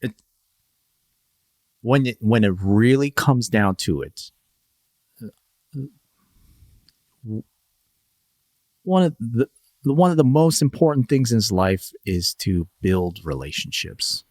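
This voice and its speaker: A man's voice: on the low side, animated, slow, long pauses, darkish tone, dry recording, clean studio sound. A man from Northern Virginia, a podcast guest in casual conversation, rambling, laughing often and acting out quoted voices.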